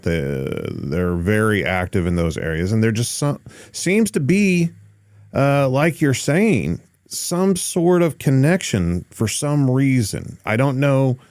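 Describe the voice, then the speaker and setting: A man from Oklahoma hosting a podcast interview, relaxed and thoughtful, with frequent "uh"s. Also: deep voice, clean tone, no echo, studio quality. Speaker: podcast host. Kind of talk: casual interview chat.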